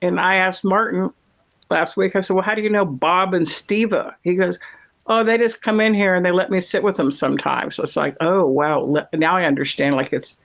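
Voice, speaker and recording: A man's voice: high voice, fairly even intonation, normal speed, creaky, a bit bright. Rambling sarcastic Texan man. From Texas. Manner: rambling storyteller, dry sarcastic asides. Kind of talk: casual chat.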